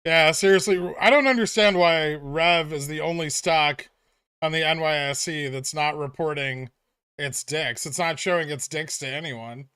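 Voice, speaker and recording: A man chatting casually on a trading livestream, with a fairly high, bright and forceful voice. He rambles loosely, dropping dry sarcastic jokes and filler words. The sound is close and dry, with no room echo. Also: moderate pace, clear, resonant tone. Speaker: streamer host of a stock trading livestream.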